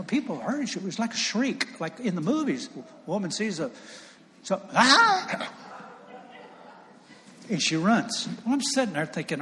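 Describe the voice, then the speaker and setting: A man preaching a sermon, telling a personal story in an animated, folksy way with chuckles. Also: high voice, slight background noise. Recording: long reverb, faint ambience.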